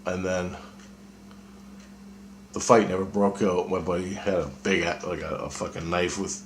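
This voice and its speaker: A deep, low-pitched man telling a long personal story to camera. He talks loosely and profanely, often trails off mid-thought, and is backed by a faint ambient hum. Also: level tone, normal speed, roomy sound. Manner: casual, profane, trailing off with fillers. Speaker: vlogger. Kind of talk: rambling personal monologue.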